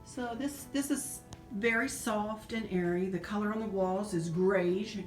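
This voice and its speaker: A chatty, sentimental woman in midlife walks through her house, talking about decor with an easy laugh. Her voice is of middle pitch. The sound is roomy and echoey, with faint music behind. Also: unhurried. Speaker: home decor vlogger. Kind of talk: casual home tour narration. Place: indoors in a house.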